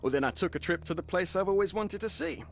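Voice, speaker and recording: A man's voice: sits high, lively intonation, fast talker, soft background music. An actor playing a cagey, flippant young male tour guide with an Australian-sounding accent in a mystery game. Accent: Australian-sounding British attempt. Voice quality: breezy, mocking, evasive.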